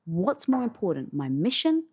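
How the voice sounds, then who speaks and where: A woman guest on a podcast with a squeaky voice, telling her story in animated fashion and acting out her inner voice. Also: normal speed, slightly rough. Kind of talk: casual podcast conversation.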